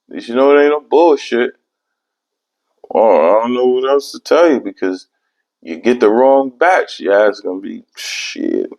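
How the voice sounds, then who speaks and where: A man's voice: medium pitch, gravelly, darkish tone. A young man hosting a podcast, telling a long story in casual, profane, rambling chat. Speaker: podcast host.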